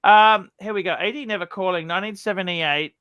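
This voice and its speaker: Male livestream host, excitable, clear smooth voice, close dry sound. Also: high-pitched, brisk, dry recording, highs cut off. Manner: excitable, reads viewer messages aloud. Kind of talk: casual livestream chat.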